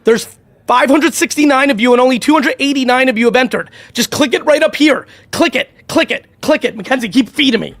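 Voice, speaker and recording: A man's voice: very high-pitched, fairly quick, fairly bright tone, no room sound. A middle-aged man hosting a live stream, talking in an intense, profane, emphatic way with lots of repetition. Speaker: livestream host running giveaways. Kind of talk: unscripted live-stream pep talk and sales pitch.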